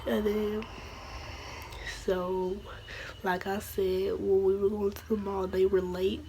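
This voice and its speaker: A woman with a hoarse, fading voice tells a rambling storytime vlog, slipping into a whisper. Her pitch barely moves, and faint background noise sits under the recording. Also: little pitch movement, slow, mellow, rough recording. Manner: rambling, with restarts and self-corrections. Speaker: vlogger.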